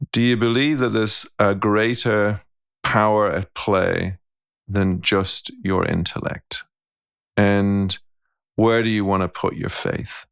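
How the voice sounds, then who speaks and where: A man co-hosting a podcast, talking in a relaxed, reflective way and telling a story, often restarting his sentences. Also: on the low side, creaky, smooth, no room sound, studio quality. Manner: thoughtful, storytelling, frequent restarts. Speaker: podcast co-host. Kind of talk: casual reflective conversation.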